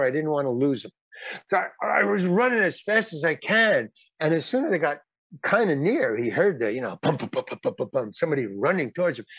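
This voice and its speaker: An older man, a guest, telling stories in casual talk, rambling and halting with lots of restarts. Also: a little high, a bit bright, dry recording. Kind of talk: casual storytelling.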